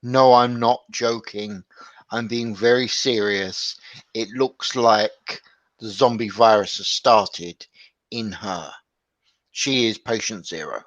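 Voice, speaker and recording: A man's voice: lowish voice, slow pace, fairly bright tone, no echo. A man in casual podcast chat who explains things matter-of-factly and jokes dryly. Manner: matter-of-fact, dry joking. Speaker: podcast co-host. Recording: dull dry lo-fi mic.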